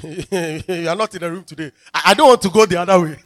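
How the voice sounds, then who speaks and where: A man's voice: high-pitched, moderate pace, fairly bright tone. A male pastor preaching a sermon, emphatic and repeating his key phrases as he calls out to the congregation.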